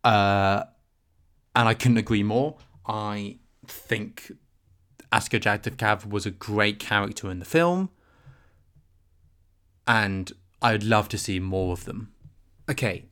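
A young man co-hosting a comedy podcast, talking in a dry, deadpan, meandering way. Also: lowish voice. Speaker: podcast co-host.

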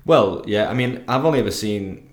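A man co-hosting a podcast, bantering casually with quick jokes. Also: fairly low pitch, lively intonation, roomy sound. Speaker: podcast co-host. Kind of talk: casual chat.

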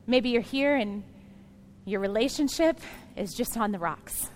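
A woman pastor preaching a sermon to her congregation, speaking earnestly and directly to the listeners, building into loud, emphatic passages. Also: a little high, normal speed, slight background noise.

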